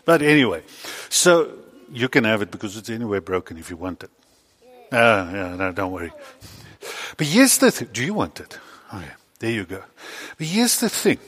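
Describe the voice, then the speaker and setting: A man tells a story sermon in a church. His voice jumps between hushed asides and loud, excited bursts. He sounds playful as he works with a child volunteer. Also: fairly low pitch, normal speed, husky, big-room sound. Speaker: pastor.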